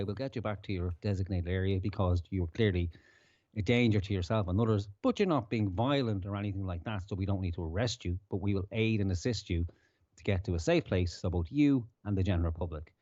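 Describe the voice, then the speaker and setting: Mellow-voiced man ranting. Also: sits low, expressive, fairly quick, dry recording, lo-fi sound. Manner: ranting, heavy swearing. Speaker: podcast host. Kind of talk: casual profane commentary.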